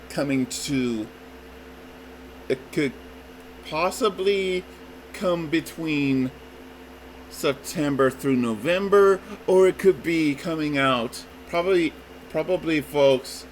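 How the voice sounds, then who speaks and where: A man's voice: mid-range voice, fairly bright tone, a little hiss or hum, poor audio. A man giving a casual, rambling review of a movie trailer, often calling his listeners "folks" and restarting his sentences. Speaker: YouTube reviewer.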